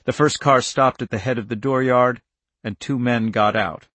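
A man reading a novel aloud in a measured, tense storytelling voice. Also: mid-range voice, steady tone, a bit bright, no echo. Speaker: narrator. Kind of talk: audiobook narration.

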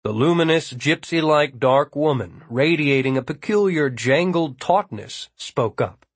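A man reading a novel aloud as an audiobook narrator, in an even, measured manner. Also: a little high, breathy edge, dry recording. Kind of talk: scripted narration.

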